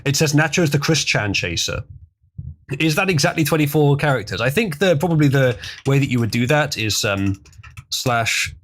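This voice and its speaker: A livestream host with a fairly high, animated voice and a somewhat bright tone rambles at a moderate pace, chuckling as he reads out viewer donations on his casual stream.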